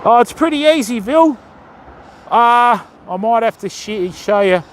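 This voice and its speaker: A man's voice: very high voice, expressive, a little slow. An Australian man live-streaming his fishing on a phone, chatting in a matey, easygoing way and greeting viewers by name. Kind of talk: casual live-stream chat.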